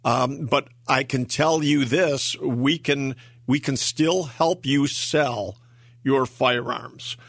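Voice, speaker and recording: A man's voice: medium pitch, slow pace, vocal fry, a bit bright, no echo. Man, radio co-host, casual, rambling, lots of fillers, dry close mic. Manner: rambling, with many fillers and restarts. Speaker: auction company co-host.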